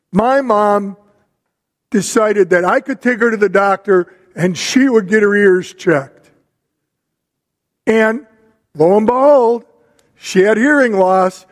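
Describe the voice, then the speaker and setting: A middle-aged man giving a sermon with a measured storytelling manner, pausing between phrases. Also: high-pitched. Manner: measured, storytelling preacher with pauses. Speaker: pastor. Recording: long reverb of a hall.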